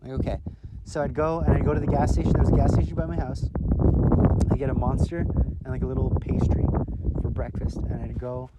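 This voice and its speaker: A young man casually telling a long, profane story as a podcast co-host, acting out what people said in loud bursts. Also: mid-range voice, steady tone, fairly quick, highs cut off. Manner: profane, rambling, acts out quotes loudly. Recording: loud noise behind.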